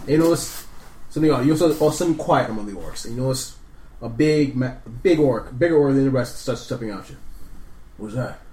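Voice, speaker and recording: A man narrating as game master of a tabletop game in an animated storytelling manner. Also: medium pitch, fast, reverberant, low-quality recording.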